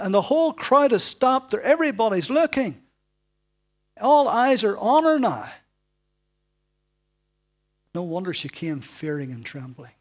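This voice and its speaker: A man preaching a sermon, dramatic, swinging from loud calls to hushed whispers and putting rhetorical questions to his listeners. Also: sits high.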